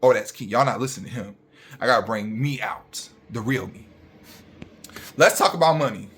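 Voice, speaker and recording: A man's voice: medium pitch, expressive, moderate pace, fairly bright tone, husky. A young man, a registered nurse, ranting bluntly and profanely straight at his viewers.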